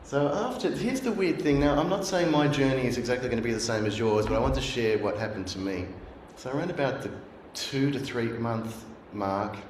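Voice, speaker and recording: Brisk and with few pauses, a mid-range male guest speaker relates a sermon as his own story in a church hall. He's earnest and imitates voices he recalls, while the echoey recording picks up a little hiss or hum.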